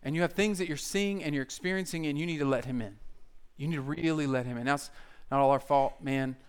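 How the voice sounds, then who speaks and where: A man gives a conversational sermon as pastor. He slips in jokes and keeps his delivery animated, with a voice pitched a little above the usual male range. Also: fast, clean tone. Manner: conversational, joking, animated preaching.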